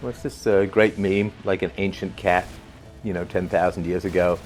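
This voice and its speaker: A low-voiced man rambles through his thoughts in a relaxed, conversational way, tagging his points with "right?" and chuckling now and then. Soft music plays quietly under his voice. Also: moderate pace. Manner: conversational and musing, with many fillers and rhetorical "right?". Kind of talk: unscripted spoken commentary.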